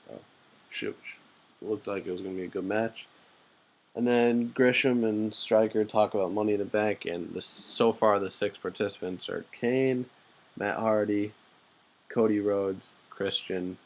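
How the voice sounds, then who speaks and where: A man's voice: on the low side, fairly even intonation, a little slow. A man giving a casual, rambling spoken recap of a wrestling show, full of fillers and blunt, profane asides.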